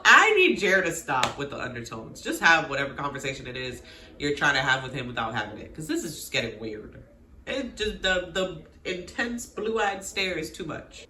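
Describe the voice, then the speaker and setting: Woman host, bright and forceful, lively and exclaiming, casual recap chat, roomy echo. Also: low voice, a little hiss or hum. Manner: animated, exclaiming, talks to viewers as "girl" and "y'all". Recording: echoey room.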